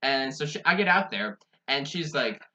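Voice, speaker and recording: Animated young man telling a story. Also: mid-range voice, normal speed. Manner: animated, laughing, acts out quoted people. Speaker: podcast co-host. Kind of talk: casual chat, storytelling.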